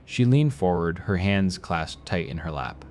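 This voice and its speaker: A man giving a measured, deliberate, scripted horror narration. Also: sits low, animated, darkish tone, a little hiss or hum.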